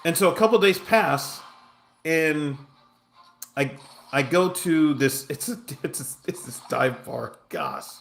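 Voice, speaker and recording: A man's voice: on the high side, takes it slowly, vocal fry, a bit bright, slight background noise. A man chatting casually on a livestream, telling a rambling story full of fillers and restarts while reacting to his game. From Southern California. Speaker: game streamer.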